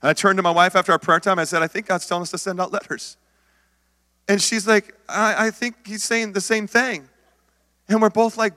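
This middle-aged preacher has a high voice and a slightly quick delivery, with long reverb from the church sanctuary hall around him. His sermon is animated storytelling about himself, in which he acts out what he once said and calls out to the congregation.

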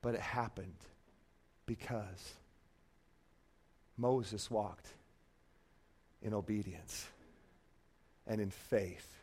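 A man preaching a sermon as pastor, swinging between loud declarations and hushed, quiet asides. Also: lowish voice, extremely slow, long pauses, husky.

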